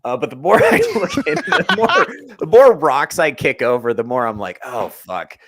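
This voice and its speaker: A man hosting a casual podcast chat, talking in a manic, animated way with plenty of swearing. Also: fairly high pitch, moderate pace, a loud crowd. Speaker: podcast host.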